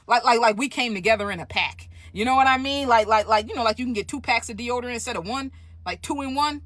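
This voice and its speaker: A woman telling a story in a casual vlog, animated and profane, often asking "right?". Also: on the high side, quick pace, no room sound.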